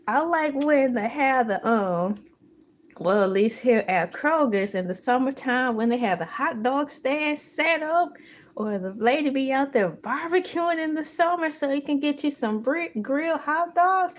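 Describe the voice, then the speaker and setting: Lady chatting on her live stream, slow and easy, laughs a lot, bursts into little sung bits. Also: high voice. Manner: animated, laughing, breaks into sung exclamations. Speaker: livestream host. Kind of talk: casual live-stream chat.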